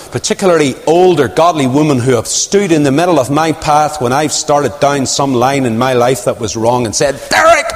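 A man preaching a sermon in an earnest, animated storytelling way, asking rhetorical questions. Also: medium pitch. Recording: long hall reverb.

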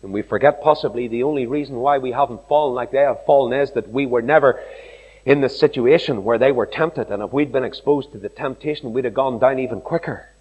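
A male preacher giving an animated sermon, telling stories and acting out the voices of the people in them. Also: mid-range voice, fairly quick, slightly rough, highs cut off. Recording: long hall reverb.

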